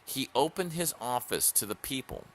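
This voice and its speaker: A man's voice: medium pitch, sing-song, moderate pace. A man hosting a talk show, giving an emphatic opinion monologue that tells stories and repeats key phrases for punch.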